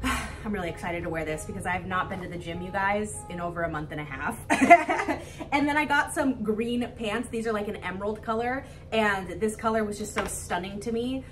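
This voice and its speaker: A young woman vlogging casually to camera, bubbly and gushing with excitement. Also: mid-range voice, normal speed, far from the mic, slight background noise. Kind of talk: casual vlog talk to camera.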